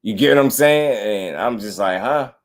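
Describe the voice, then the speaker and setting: Deep-voiced man chatting loosely. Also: lively intonation, moderate pace. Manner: laid-back slangy talk, greets viewers. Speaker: boxing channel host. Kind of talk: casual live-stream chat.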